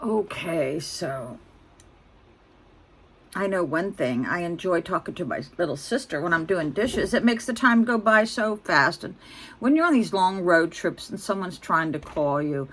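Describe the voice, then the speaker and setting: A woman's voice: on the low side, lively intonation, unhurried, breathy edge. A woman in her sixties, venting bluntly and ramblingly to her phone camera. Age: 60s. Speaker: vlogger.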